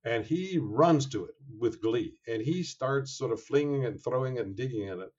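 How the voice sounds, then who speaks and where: A man being interviewed as an author, talking in a measured, thoughtful way with frequent fillers and restarts. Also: mid-range voice, animated, a little mellow. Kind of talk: interview conversation. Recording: dull lo-fi sound.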